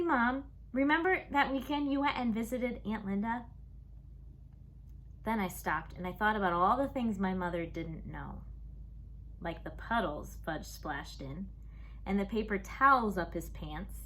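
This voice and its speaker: A woman reading a children's book aloud, with expressive, lively storytelling. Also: medium pitch, slight background noise. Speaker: audiobook reader.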